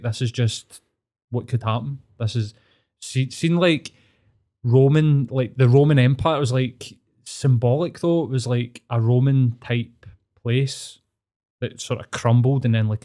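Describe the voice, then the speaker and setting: In a mellow voice of medium pitch, a man with a Scottish Glaswegian accent recounts a lengthy personal story on a laid-back podcast. His telling is rambling and sweary but sincere.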